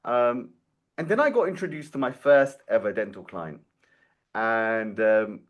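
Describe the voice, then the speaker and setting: Man in his forties telling a lively story. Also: fairly low pitch, measured pace, lo-fi sound. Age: 40s. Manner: animated storyteller who acts out quoted dialogue. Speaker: guest, dental marketing founder. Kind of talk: storytelling interview.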